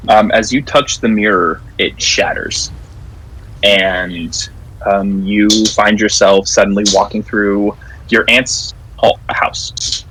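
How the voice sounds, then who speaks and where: A man narrating as game master of a tabletop game, describing scenes in a halting way with many fillers. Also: lowish voice, fairly even intonation, bright, forceful tone, slight background noise, rough recording.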